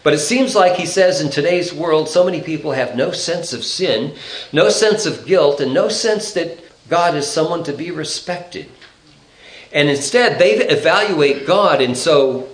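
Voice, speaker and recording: A man preaching an expository Bible sermon, explaining the text in a measured way and reading scripture aloud. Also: fairly high pitch, animated, roomy sound, poor audio.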